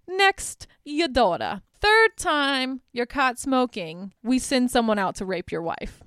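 A woman quoting a menacing male clinic doctor who states his threats in a calm, matter-of-fact way. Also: high voice, slow, no room sound, clean studio sound, heavily acted. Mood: threatening.

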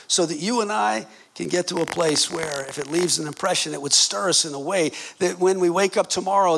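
A man in his fifties preaching a passionate sermon, moving from low, intimate tones to shouted exclamations. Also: creaky, slight background noise. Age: 50s. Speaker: pastor.

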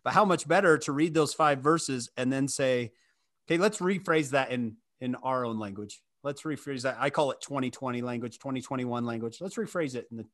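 A man's voice: medium pitch, fairly quick, fairly bright tone. A man hosting a podcast, a scripture teacher who tells stories and acts out quoted lines. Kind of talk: podcast conversation.

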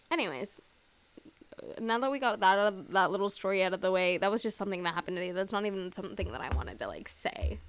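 A woman's voice: mid-range voice, big pitch swings, fairly quick, no room sound. Young woman rambling on her podcast. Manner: rambling, filler-heavy, profane, laughing at herself. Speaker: podcast host. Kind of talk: casual solo podcast chat.

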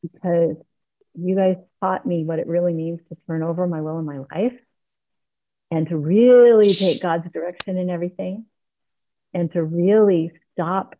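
A woman's voice: lowish voice, steady tone, moderate pace. A middle-aged woman giving an earnest, heartfelt personal share as a member of a recovery meeting, speaking on a video call. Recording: tinny online call audio.

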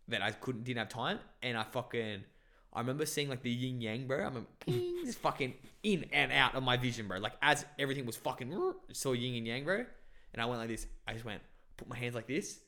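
A young Bangladeshi man tells a long, rambling story in casual chat, his medium-pitched voice brisk, pushed and bright. He swears freely and peppers his talk with "like" and "bro."

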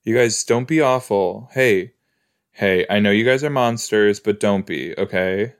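Speaking a little slowly in a clean, fairly low voice, this man hosts a podcast and reacts to a show as it plays. His watch-along banter is chatty and playful, often aimed at the screen itself.

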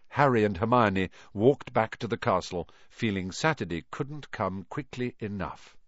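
A man reading a story aloud in an expressive, lively way. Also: fairly low pitch, dry recording. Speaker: reader. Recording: dull dry recording.

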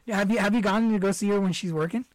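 A man's voice: high-pitched, very fast, no echo. Laid-back young man, rambling casual chat. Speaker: podcast host.

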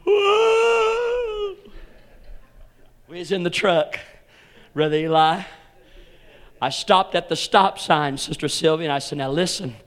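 A male pastor with a fairly high voice delivers his sermon in a folksy storytelling style. He speaks straight to his congregation and calls out members by name. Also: moderate pace, long pauses, fairly bright tone.

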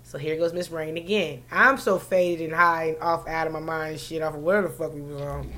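A woman telling a story in casual chat, profane and animated, with loud bursts of laughter. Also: sits low, a little fast. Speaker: podcast co-host telling a story.

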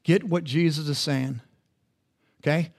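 High-voiced pastor preaching conversationally. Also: male voice, fairly even intonation, unhurried. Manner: conversational, interactive, asks the congregation questions. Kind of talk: sermon.

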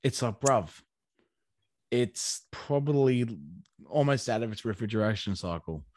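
A man's voice: medium pitch, animated, measured pace, darkish tone, no room sound. Man co-hosting, crude rambling banter, dry close mic. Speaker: podcast co-host. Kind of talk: casual chat.

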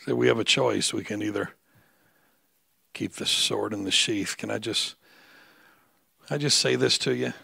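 Gravelly-voiced male preacher, bright and rough. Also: on the low side, steady tone, a little slow, long pauses, no room sound, clean studio sound. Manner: conversational preaching that builds to loud, emphatic outbursts. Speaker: pastor. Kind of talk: sermon.

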